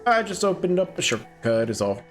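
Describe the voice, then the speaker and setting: A man's voice: high-pitched, sing-song, fairly quick, faint music behind. A man streaming a video game, chatting casually with playful, reactive commentary.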